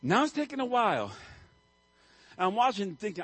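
A male pastor preaching a sermon, telling a story with animated swings and sudden loud outbursts. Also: sits high, normal speed, slightly rough, dry recording, low-quality recording.

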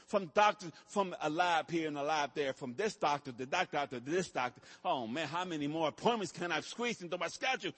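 A man preaching a sermon as pastor, building from soft, quiet passages to shouted, repetitive refrains. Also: a little high, moderate pace, few pauses, breathy edge. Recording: long hall reverb.

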